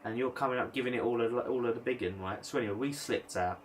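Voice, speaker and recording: A man's voice: quick pace, a little hiss or hum. A man, a podcast co-host telling a story in casual chat and acting out other people's lines. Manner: animated storyteller, mimics others in high voice.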